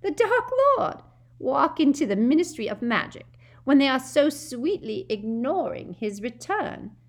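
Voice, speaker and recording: A woman reading a story aloud, voicing a mad, cackling grown witch with a shrill, wild, taunting manner. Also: big pitch swings, a little slow, exaggerated voice. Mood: mocking.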